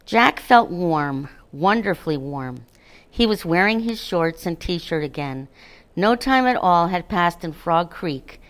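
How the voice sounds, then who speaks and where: A woman reading a children's storybook aloud, calm, gentle and unhurried. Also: on the low side. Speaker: narrator.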